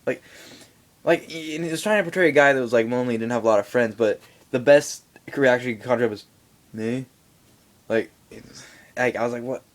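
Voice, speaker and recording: A man's voice: medium pitch, fast. A young man giving a casual, rambling movie review in a home vlog, full of fillers and asides. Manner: rambling, animated, many fillers.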